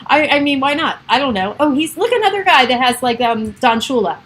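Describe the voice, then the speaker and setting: A woman's voice: high-pitched, sing-song, fairly quick, fairly bright tone. A middle-aged woman chatting on a casual home livestream, giggly and wandering off topic. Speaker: realtor livestreaming to followers. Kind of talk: rambling casual livestream chat.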